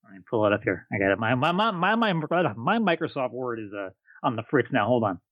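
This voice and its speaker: A man's voice: medium pitch, sing-song, brisk, no room sound, dull audio. A man co-hosting a casual podcast, telling stories in a chatty way, often stumbling and repeating words. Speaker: podcast co-host. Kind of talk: casual podcast chat about wrestling history.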